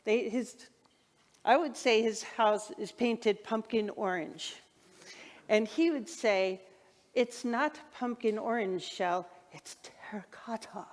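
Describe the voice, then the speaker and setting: Middle-aged woman minister preaching in a reverberant sanctuary. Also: on the high side. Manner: conversational, heartfelt, asks the congregation questions. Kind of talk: sermon. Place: church sanctuary. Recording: long hall reverb in a sanctuary.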